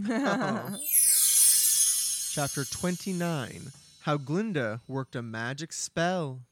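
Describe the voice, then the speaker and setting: A man co-hosting a casual podcast, recapping chapters in a relaxed, chatty way and laughing along, on a dry close mic. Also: a little high, takes it slowly, faint music behind. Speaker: podcast co-host. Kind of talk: casual book recap chat.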